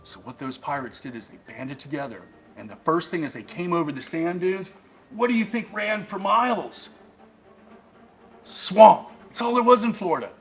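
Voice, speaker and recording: A middle-aged man telling a spooky tale in dramatic campfire style, dropping to a hush and then swelling loud. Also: on the high side, lively intonation, fairly quick, poor audio. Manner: dramatic, swings between hushed and loud. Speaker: storyteller. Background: music.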